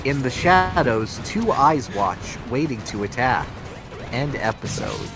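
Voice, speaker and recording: A man's voice: mid-range voice, very animated, slow, music in the background. A man playfully reading a comedic fan fiction aloud, breaking into character voices.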